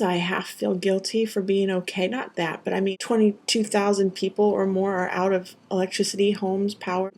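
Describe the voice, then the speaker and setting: A woman's voice: medium pitch, a little mellow. A young woman telling a personal story to camera, earnest and rambling with many fillers. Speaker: vlogger recounting a tornado.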